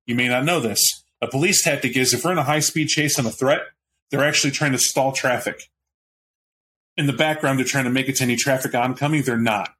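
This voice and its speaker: A man's voice: mid-range voice, fairly quick, sharp tone, a little hiss or hum. A man narrating a tabletop role-playing game as game master, in a casual, rambling way.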